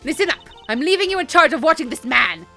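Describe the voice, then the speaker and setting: A woman's voice: sits high, expressive, normal speed, pushed and bright, faint music behind, voice pushed up, heavily acted. A woman voicing a haughty young female prosecutor with a put-on foreign accent, reading game dialogue on a stream. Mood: commanding. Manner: clipped commanding delivery, put-on Eastern European accent.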